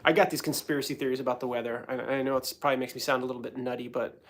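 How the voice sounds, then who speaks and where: A man from New York rambles through a casual livestream chat. His voice is gravelly and creaky, and his pitch sits in a middle range. He talks in a hyper, self-mocking way, jumping from one thought to the next. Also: little pitch movement, racing, a bit bright. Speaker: host.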